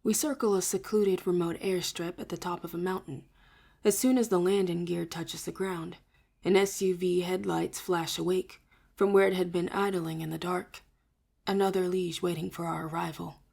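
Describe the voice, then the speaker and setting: A woman reading a first-person novel aloud in a soft, hushed way, often near a whisper. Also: fairly low pitch, steady tone, moderate pace, gravelly. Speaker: audiobook reader. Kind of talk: first-person audiobook narration.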